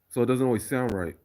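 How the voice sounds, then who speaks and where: A man's voice: mid-range voice, gravelly. A man hosting a casual live stream, chatting loosely with viewers about fights and his remixes, often restarting sentences. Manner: rambling, conversational, restarts often. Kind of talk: casual live chat reading viewer comments.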